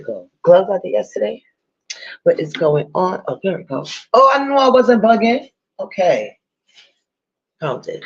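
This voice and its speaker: A woman's voice: deep voice, darkish tone, dull audio. A woman chatting casually to her viewers, blunt, profane and gossipy with laughing asides. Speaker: vlogger.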